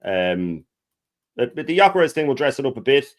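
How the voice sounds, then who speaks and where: A man on a football fan panel, quick and dismissive in his verdicts. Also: mid-range voice, very animated. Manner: quick, dismissive, matter-of-fact. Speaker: panel guest.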